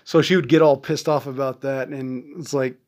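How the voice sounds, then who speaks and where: A man from the Navajo Nation hosting a veterans podcast, telling stories in a casual, rambling way with lots of swearing and pauses to search for words. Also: mid-range voice, steady tone, darkish tone. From Navajo Nation, American Southwest. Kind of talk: casual storytelling.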